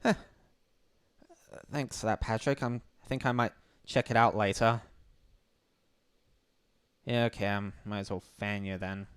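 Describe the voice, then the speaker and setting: Man, livestream host, casual commentary, smooth clear voice, blunt, sardonic, swears, halting restarts. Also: lowish voice, fairly even intonation, fairly bright tone, no room sound.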